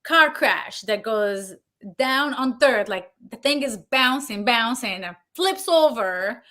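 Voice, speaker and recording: A woman Foley artist telling stories as an interview guest, animated and laughing, acting out the voices of the people she quotes. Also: fairly high pitch, slow. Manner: animated, acts out quoted dialogue, laughs often. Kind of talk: casual interview storytelling.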